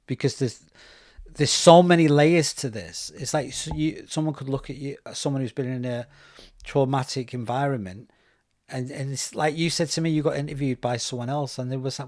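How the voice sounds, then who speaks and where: A man's voice: medium pitch, normal speed, dry recording, studio quality. A man who hosts a podcast interview, chatting casually and telling personal stories, acting out the voices of people he quotes. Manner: animated storytelling, acts out quoted voices. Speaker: podcast host.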